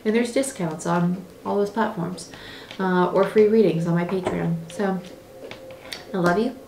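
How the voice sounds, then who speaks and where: A woman's voice: fairly low pitch, a little slow, a little mellow. A young woman giving a casual tarot reading, chatty, blunt and encouraging with playful exclamations. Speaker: tarot reader. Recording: echoey room with faint noise.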